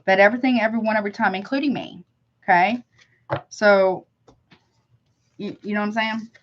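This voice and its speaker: A woman reads tarot live in a loose, slangy chat. Her tone is sympathetic and easygoing, with a mid-range pitch. The audio is a little dull and lo-fi. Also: fairly even intonation, moderate pace, slight background noise. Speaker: tarot reader.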